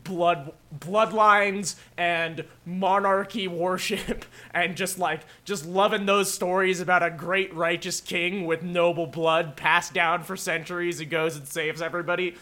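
Young male co-host, high and bright voice, easygoing, laughs a lot. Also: flat delivery, measured pace, few pauses. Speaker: podcast co-host. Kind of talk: casual chat.

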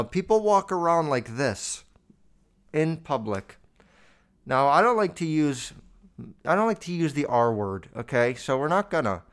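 A man hosting a podcast, ranting casually and swearing constantly in a loose, animated way. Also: medium pitch. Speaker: podcast host.

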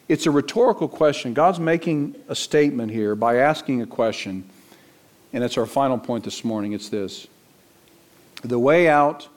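A man's voice: medium pitch, darkish tone. A middle-aged male pastor preaching a sermon, his voice climbing for emphasis.

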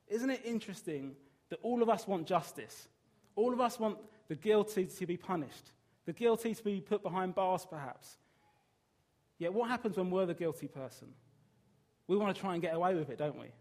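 A man with a high voice preaches a sermon earnestly and emphatically, putting rhetorical questions to his listeners.

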